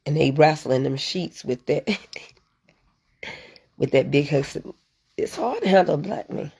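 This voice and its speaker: A woman's voice: on the low side, big pitch swings, takes it slowly, vocal fry, pauses often, a little mellow, husky. A woman hosting a casual live stream, chatting straight to her viewers and answering their comments. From United States. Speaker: livestream host reading viewer comments.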